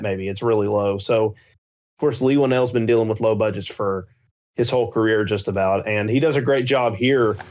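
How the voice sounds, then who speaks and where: Heard through muffled, slightly dull lo-fi audio, a young man co-hosts a podcast in a casual chat. His voice is medium-pitched with a darkish tone, and he rambles enthusiastically, leaning on many fillers.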